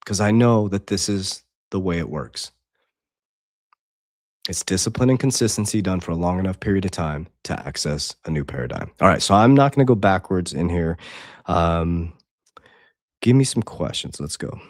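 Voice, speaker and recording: A man's voice: low voice, lively intonation, moderate pace, no echo, studio quality. A man hosting a casual livestream, talking intensely and preachily, reading Bible verses and chat comments aloud. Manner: intense, preachy, swings between loud and quiet. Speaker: livestream host.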